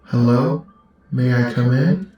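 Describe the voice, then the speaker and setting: A man voicing an eerie entity that mimics a man's voice, speaking in a slow, flat, insistent way with an echo effect. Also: mid-range voice, highs cut off, faint music behind. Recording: heavy echo on the voice.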